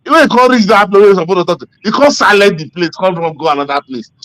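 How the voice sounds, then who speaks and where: A Nigerian-accented man talks politics in a loose, rambling way, one story spilling into the next with plenty of "uh" and "you understand". His voice is bright and forceful and sits a little high for a man. The sound is close and dry. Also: fast, dry recording. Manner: rambling, animated storytelling with many fillers. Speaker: podcast co-host. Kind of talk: casual political chat.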